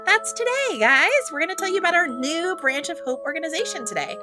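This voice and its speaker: A woman co-hosting a podcast, talking in a bubbly, quick, casual way. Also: extremely high pitch, expressive, music in the background. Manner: bubbly, quick, laughs often. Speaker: podcast co-host.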